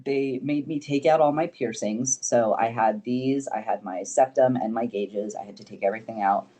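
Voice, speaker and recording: Young guy on a podcast, mellow low-key tone, swears a lot and laughs. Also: moderate pace. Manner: animated, swears freely, laughs often. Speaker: podcast guest. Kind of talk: casual storytelling.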